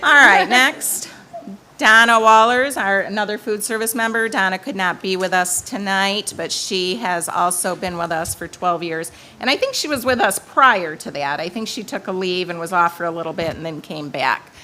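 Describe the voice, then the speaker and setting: A woman's voice: medium pitch, moderate pace, sharp tone, slight background noise. A woman presenting staff recognitions at a school board meeting in a plain, conversational way. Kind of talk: reading retirement recognitions.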